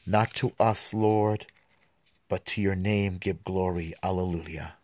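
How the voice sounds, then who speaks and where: A man hosting a podcast who reads the Mass prayers and scripture aloud, with relaxed, filler-filled asides between the readings. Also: low-pitched, slow pace, dry recording.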